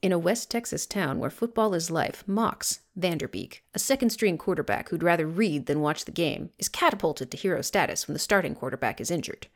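A woman's voice: on the low side, expressive, a little fast, few pauses. A woman co-hosting a podcast, chatting casually with sarcastic, self-mocking jokes. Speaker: podcast co-host. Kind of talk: casual chat.

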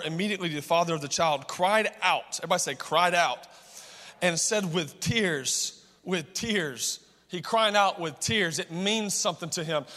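Male pastor, impassioned sermon, call-and-response, high-pitched, long hall echo. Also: sharp tone.

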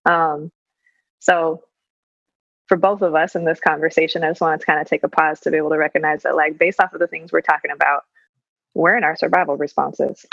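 A woman therapist talks in a low, gravelly voice, unhurried and reflective, with lots of fillers and an occasional curse. The sound is dull and lo-fi. The room adds no echo. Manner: relaxed, thoughtful, with frequent fillers and casual swearing. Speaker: clinical social worker guest. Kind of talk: casual reflective conversation.

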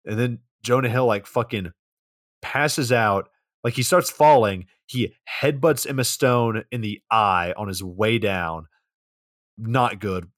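A man's voice: fairly low pitch, slow pace, a bit bright, no echo, clean studio sound. A man co-hosting a podcast, recapping a movie in a loose, profane, rambling way. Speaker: podcast co-host. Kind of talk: casual movie recap chat.

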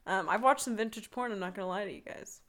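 A woman's voice: medium pitch, quick pace, a bit bright. Woman, young adult, from the Southern US, podcast co-host, frank, joking, laughs a lot, casual chat. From Southern United States.

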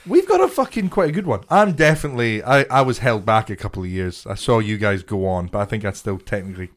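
Sweary, animated man telling stories. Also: fairly low pitch. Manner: sweary, laughing, animated storyteller; talks in quick bursts, restarting and repeating himself. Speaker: podcast co-host, comedian. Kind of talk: casual chat.

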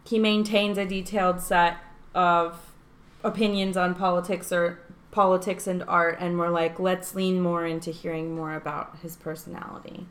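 A woman on a casual podcast, discussing feedback on her own poem in a relaxed, conversational way. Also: on the low side, normal speed.

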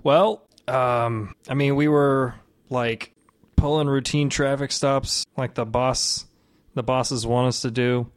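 A man's voice: mid-range voice, fairly even intonation, takes it slowly, smooth, lightly acted. A man voicing a wounded male police officer who talks bluntly and curses offhandedly. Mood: casual. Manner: cursing, offhand, rambling.

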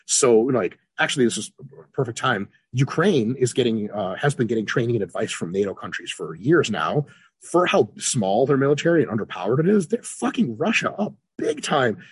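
A man guest on a podcast, an exercise scientist talking casually and profanely, animated, swearing freely and acting out characters. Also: medium pitch, normal speed, slightly rough, dry recording.

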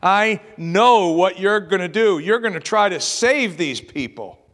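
A male preacher voicing a stubborn prophet who flatly refuses his mission, repeating himself. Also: sits high, unhurried, long reverb tail.

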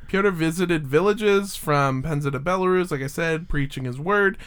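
A man's voice: on the high side, moderate pace, fairly bright tone, clean tone. A young man hosting a casual podcast, telling a story in a rambling, jokey way with lots of fillers.

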